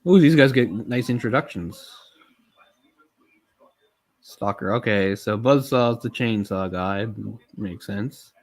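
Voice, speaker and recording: A man's voice: fairly low pitch, takes it slowly, pauses often. A man giving casual live commentary on a film while feeling unwell, rambling in chatty asides with lots of fillers. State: unwell, keeps swallowing.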